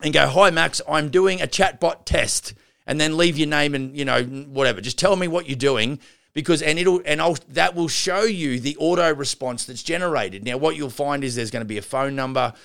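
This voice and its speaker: Brisk and gravelly, with a fairly high, somewhat bright voice, a podcast host coaches renovation contractors. He rambles in a casual teaching style, often starting sentences over, slipping in asides, and addressing listeners as guys and gals.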